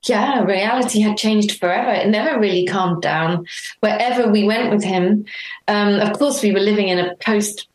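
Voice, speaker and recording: A middle-aged woman being interviewed, telling her story earnestly and warmly, acting out remembered dialogue. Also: medium pitch, moderate pace. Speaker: interview guest. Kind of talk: reflective conversational interview. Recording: roomy echo.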